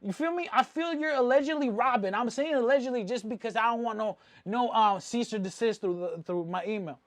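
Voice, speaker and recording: A man's voice: extremely high pitch, a little fast, dry recording. A man from Mexico City, a jewelry vlogger, giving a rambling, slang-heavy opinion rant with frequent asides.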